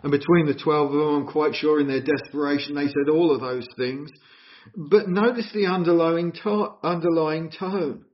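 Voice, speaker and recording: A man preaching a sermon in an earnest, expressive way, asking his listeners questions. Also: a little high. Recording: dull lo-fi recording.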